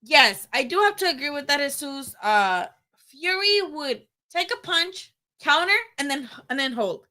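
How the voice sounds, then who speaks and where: A young woman hosting a casual boxing livestream, rambling, animated and profane. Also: high-pitched, measured pace. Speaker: boxing channel host.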